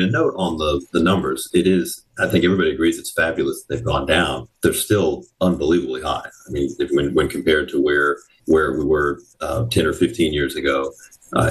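Very deep-voiced halting male reporter. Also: far from the mic, low-quality recording. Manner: halting, repeats words and restarts often. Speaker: investigative reporter, interview guest. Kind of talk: radio news interview.

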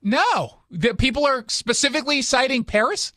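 A man's voice: very high-pitched, animated, normal speed, bright, forceful tone, no room sound, clean studio sound. An American man hosting a casual commentary chat, wry and sarcastic in his delivery. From United States.

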